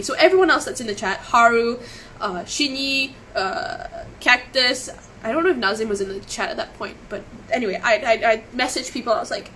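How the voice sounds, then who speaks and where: A woman's voice: on the high side, normal speed, pushed and bright, slight background noise, rough recording. A woman telling her story on a live stream, shaken and close to tears, rambling, apologizing and restarting her sentences. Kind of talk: emotional live stream monologue.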